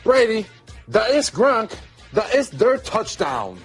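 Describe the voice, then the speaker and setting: A man's voice: high-pitched, sing-song, takes it slowly, husky, faint music behind. Goofy hyped male football player. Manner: goofy, hyped, shouting catchphrases. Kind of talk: casual promo clip.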